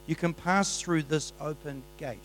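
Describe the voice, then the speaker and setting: A man preaching a sermon in a church, exuberant, swinging between soft asides and loud, excited bursts. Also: on the high side, unhurried, slight background noise, poor audio.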